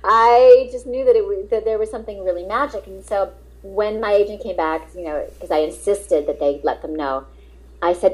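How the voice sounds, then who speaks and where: A middle-aged woman, a guest actress, telling lively anecdotes in an interview and acting out the dialogue. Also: medium pitch, moderate pace, low-quality recording. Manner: lively, acts out quoted dialogue, laughs often.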